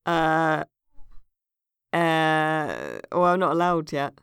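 A woman's voice: low voice, sing-song, very slow, fairly bright tone, smooth, no room sound, studio quality. A woman in casual podcast chat, hesitant and full of ums and uhs.

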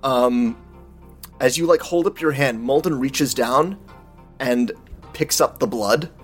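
Guy running a tabletop game, chill descriptive narration, quiet music in the background. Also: medium pitch, slow. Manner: relaxed, descriptive, hedging with fillers. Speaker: game master.

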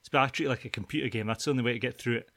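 A man's voice: mid-range voice, rapid-fire, fairly bright tone, dry recording, clean studio sound. Chatty man hosting a podcast. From Scotland. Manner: chatty, laughing, many fillers and restarts. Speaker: podcast host. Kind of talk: casual chat.

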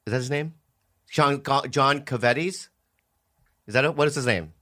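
A man's voice: medium pitch, moderate pace, pushed and bright. A man co-hosting a podcast in casual, profane, joking chat, often trailing off mid-sentence. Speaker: podcast co-host.

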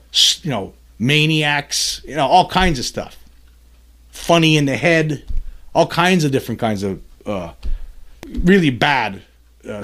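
A male podcast host talks alone into the mic, his voice sitting in a middle pitch. He rambles and trips over restarts and fillers, then gets heated and emphatic as he makes his point. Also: a bit bright. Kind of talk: solo commentary podcast.

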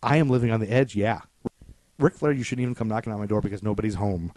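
A man's voice: on the low side, fast, slight background noise, natural voice. A man reading out a boastful male pro wrestler's promo in a raised, swaggering voice. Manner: loud, gloating challenges delivered with swagger.

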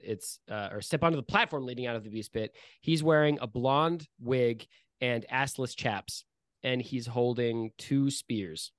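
A man's voice: mid-range voice, no echo, clean studio sound. A man running a tabletop game as game master, setting scenes vividly and playfully, with frequent fillers.

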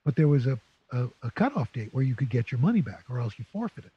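An older man from New City, a guest telling lively anecdotes in an interview. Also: mid-range voice, fast, husky, muffled recording. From New York City. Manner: animated anecdotes with playful character voices. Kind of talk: storytelling interview.

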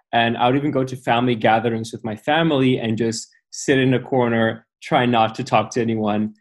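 A young man with a slight, mixed international English accent, chatting upbeat and easy as an interview guest. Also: mid-range voice. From born in Amsterdam, raised abroad. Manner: upbeat, chatty, laughs easily. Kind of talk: casual interview chat.

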